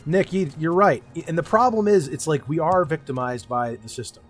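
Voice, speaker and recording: Young male streamer, casual and blunt, ranting and swearing, slightly high pitch, soft music behind. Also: lively intonation, normal speed. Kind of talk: casual livestream chat.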